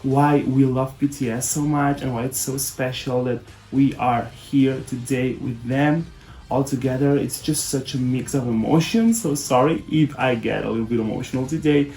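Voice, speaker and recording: A young man hosting a fan vlog, talking casually in a soft, lower-toned way and sounding deeply emotional. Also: fairly even intonation, normal speed. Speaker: fan channel host. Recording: roomy echo with faint music behind.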